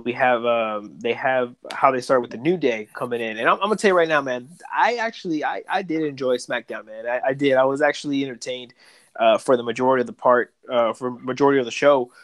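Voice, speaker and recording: A man's voice: mid-range voice, quick pace, fairly bright tone. A man co-hosting a casual podcast, rambling with many fillers and repeated words. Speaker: podcast co-host. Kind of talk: casual wrestling chat.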